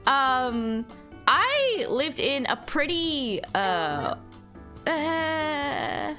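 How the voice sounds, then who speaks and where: A woman's voice: sits high, big pitch swings, extremely slow, sharp tone, soft background music. A young woman streaming, chatting casually with her viewers, rambling with lots of fillers and laughing as she goes. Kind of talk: casual chat reading chat aloud.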